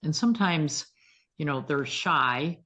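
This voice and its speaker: A woman veterinarian, a guest in an interview, telling stories in an animated, vivid way. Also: low voice, unhurried, breathy edge. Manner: animated, vivid storyteller who acts out quotes. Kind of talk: conversational interview storytelling.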